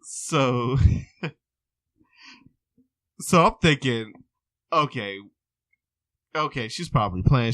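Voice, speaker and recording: A man's voice: lowish voice, no room sound. A man co-hosting a podcast, telling a work story in casual chat and laughing through it. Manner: animated, laughs through his stories. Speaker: podcast co-host.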